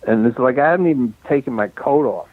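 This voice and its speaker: A man's voice: mid-range voice, animated, fast, no echo. An older man spins long, rambling anecdotes in a casual interview, breaking into small chuckles and restarting his sentences. He is slightly out of breath from walking around as he talks, and he comes through a thin, tinny phone line with no room sound around him. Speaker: film director guest. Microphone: phone call.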